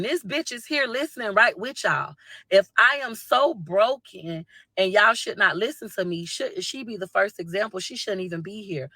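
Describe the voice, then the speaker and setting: Woman on a phone live, bright sharp voice, dry close sound, cussing and acting out what people said. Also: on the low side, no room sound. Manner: blunt, profane, animated retelling with acted-out quotes. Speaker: TikTok live streamer. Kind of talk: casual storytelling to live viewers.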